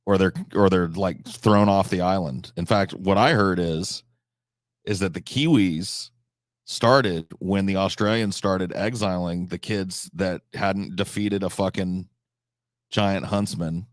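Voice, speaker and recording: A deep-voiced American man hosts a live stream, rambling casually and bluntly while swearing freely. His low voice stays steady and unhurried, captured with a close, dry sound and no room echo.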